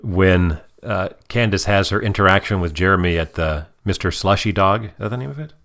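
A man hosting a casual chat, recapping an episode with playful, animated storytelling. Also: deep voice, a little fast, gravelly. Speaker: podcast host.

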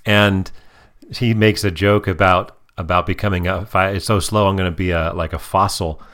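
A man hosting a casual chat, recapping an episode with playful, animated storytelling. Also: deep voice, moderate pace. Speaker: podcast host.

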